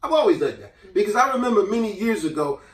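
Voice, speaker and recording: Animated storytelling man, echoey room. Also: sits high, fast talker. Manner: animated storyteller acting out characters' voices. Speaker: host. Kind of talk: casual storytelling and advice. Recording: echoey room, mic at a distance.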